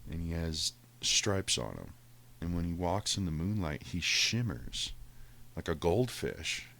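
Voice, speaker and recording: A podcast host telling a casual, profane story, animated and laughing often. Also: male voice, sits low, unhurried, gravelly.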